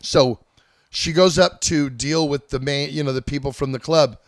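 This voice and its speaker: A man in his fifties hosting a casual chat, telling old touring stories in an animated, profane way. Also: a little high, normal speed, no room sound, studio quality. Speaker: host.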